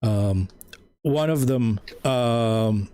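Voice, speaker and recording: A man's voice: mid-range voice, extremely slow, dark tone, clean tone, no room sound. A man from Canada narrating a tabletop game as game master, in loose, filler-heavy speech.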